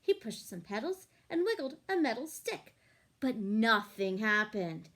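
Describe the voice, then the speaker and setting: Woman storyteller, picture-book read-aloud for children, animated and high. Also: a little slow. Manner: animated, asks the listeners questions.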